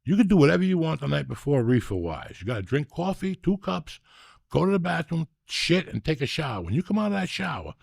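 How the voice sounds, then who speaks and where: A man's voice: on the high side, very animated, brisk, creaky, darkish tone, breathy edge, no room sound, clean studio sound. A man in his sixties hosting a podcast, telling rambling, profane stories and teasing his co-host. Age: 60s. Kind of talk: casual chat and storytelling.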